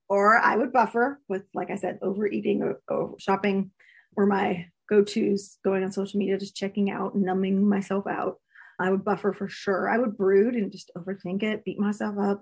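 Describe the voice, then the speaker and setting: A woman's voice: mid-range voice, fairly even intonation, normal speed, gravelly, breathy edge. A woman coaching listeners in a casual, earnest, candid talk, laughing often. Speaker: coach teaching a course.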